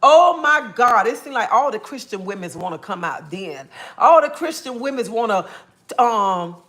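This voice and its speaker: A woman's voice: mid-range voice, lively intonation, moderate pace, a bit bright. A woman ranting casually on a live stream, blunt and sassy, calling viewers honey and baby and tagging her points with "okay?". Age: adult, a mother. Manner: repeats "okay?" after points. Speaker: livestreamer.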